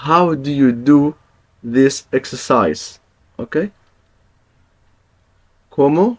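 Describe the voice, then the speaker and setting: A man's voice: mid-range voice, slow, long pauses. A man teaching a Spanish lesson in English, patiently repeating each example and checking in with his viewers. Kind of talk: language lesson.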